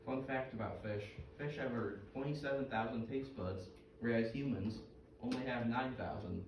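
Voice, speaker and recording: A folksy middle-aged fisherman full of useless trivia and groan-worthy jokes, played by a male actor in a stage skit. His voice sits at an ordinary pitch but comes from a distance in a roomy, echoing space. Steady background noise runs under it. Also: normal speed, close to an everyday voice. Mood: storytelling. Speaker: actor in a two-person comedy skit. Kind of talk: scripted comedic dialogue.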